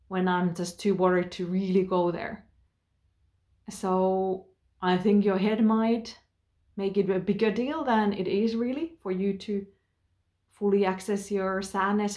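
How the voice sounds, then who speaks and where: Calm, low-voiced woman therapist. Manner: calm, gentle, thoughtful with frequent pauses and fillers. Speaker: therapist and trainer. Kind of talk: advice talk to camera.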